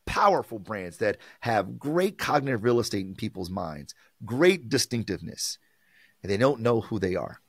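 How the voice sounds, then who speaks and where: A man's voice: fairly low pitch, normal speed, slightly rough, dry recording. A man, a marketing professor, talking with passion on a podcast and acting out quoted exchanges. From United States. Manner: animated, preachy, acts out quoted exchanges.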